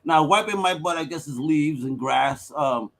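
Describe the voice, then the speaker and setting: A man's voice: a little high, normal speed, vocal fry, fairly bright tone. A man hosting a podcast, joking around and laughing often. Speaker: podcast host. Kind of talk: casual chat.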